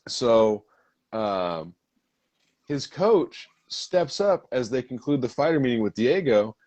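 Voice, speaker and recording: A man's voice: medium pitch, sing-song, slow pace, darkish tone. A man co-hosting a casual podcast, telling a story in a rambling, profane way. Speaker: podcast co-host. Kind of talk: casual chat.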